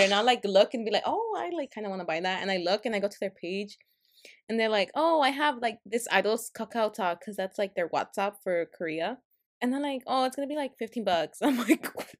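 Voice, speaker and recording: A woman's voice: fairly high pitch, expressive, fairly quick. Chatty young woman, filler-heavy storytelling. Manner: chatty storytelling full of fillers, gasps and laughs. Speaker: podcast co-host. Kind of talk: casual chat.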